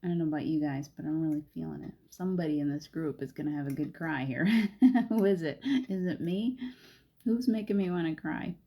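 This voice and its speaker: A woman's voice: low voice, fairly quick, warm tone, slightly rough. A woman hosting a chatty spiritual live stream and guiding a meditation, laughing often. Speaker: spiritual host.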